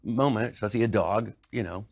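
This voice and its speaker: A man's voice: fairly low pitch, a little fast, a little mellow, no echo, studio quality. A middle-aged man, a guest comedian, telling stories in casual chat, rambling and swearing with many restarts.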